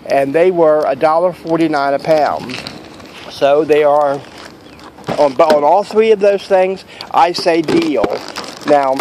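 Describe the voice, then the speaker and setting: A man's voice: a little high, background noise. A man chatting casually to camera in a vlog outside a store, rambling and joking about deals. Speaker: vlogger.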